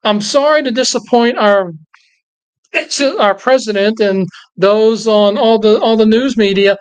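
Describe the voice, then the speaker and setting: Animated man teaching a Bible class. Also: high voice, measured pace, clear, resonant tone, rough recording. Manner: animated, gets worked up, frequent restarts. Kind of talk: casual church Bible lesson.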